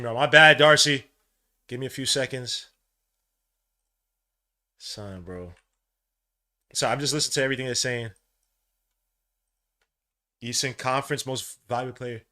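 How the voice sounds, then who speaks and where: Bright-voiced excitable New host, sports watch-along, slangy, mutters then cheers. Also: male voice, a little slow, long pauses. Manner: excitable, swings from low mutters to loud cheering; casual slang, calls listeners bro and son. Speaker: podcast host.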